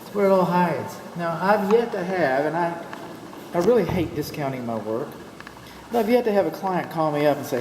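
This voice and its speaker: A home inspector from Texas, speaking on the high side at normal speed, gives a client a chatty, folksy walkthrough of an empty new house, punctuated by jokes. His voice echoes off the bare rooms amid steady background noise.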